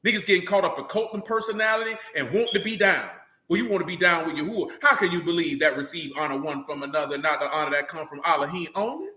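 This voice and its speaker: Male street preacher, high bright tone, blunt slang and rhetorical questions, echoey room. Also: fast talker, hardly any pauses. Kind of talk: street-style sermon.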